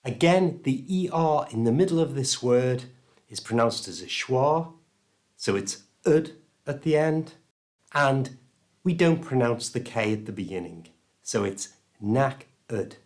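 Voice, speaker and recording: A man's voice: mid-range voice, animated, a little slow, a little mellow. A man with a British accent teaching English pronunciation in a scripted lesson, stressing each sound with care. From United Kingdom. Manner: careful, clear pronunciation coaching.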